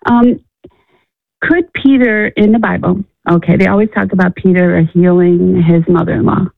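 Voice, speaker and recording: A woman from Illinois calling into a radio show, halting and repeating herself with many "you know"s. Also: fairly low pitch, fairly even intonation, vocal fry, no room sound. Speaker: caller. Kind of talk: radio call-in conversation. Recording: phone line.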